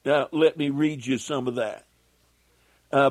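A man teaching a Bible lesson as a sermon, speaking slowly and deliberately with many pauses and "uh" fillers, and reading scripture aloud in old-fashioned wording. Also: medium pitch, fairly even intonation, no room sound. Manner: reads scripture aloud in King James wording.

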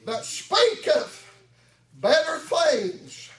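A man preaching a fervent sermon in church, chanting with a gasped "huh" after phrases and often shouting. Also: very high voice, sing-song, extremely slow. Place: church sanctuary. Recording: echoey, distant mic, congregation audible.

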